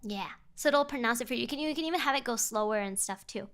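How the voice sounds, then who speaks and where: A woman's voice: a little high, fast, a bit bright, smooth. A chatty young woman streaming a casual chat, laughing often and switching between English and Japanese.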